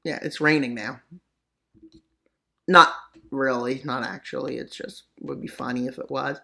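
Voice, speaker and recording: A mapping-video narrator walks through a map scenario with joking geopolitical commentary, packed with sarcastic asides and mock-serious mutters. His voice jumps up for punchlines and drops low for the mutters, holding a steady tone that's a little slow, creaky, pushed and bright, with frequent pauses.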